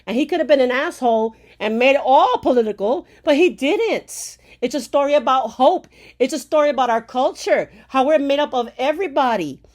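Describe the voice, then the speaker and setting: A woman from Puerto Rico in an angry rant to camera. She is heated and profane, firing rhetorical questions with "okay?" tags and swinging between loud outbursts and low, bitter murmurs. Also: expressive, brisk. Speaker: commentator.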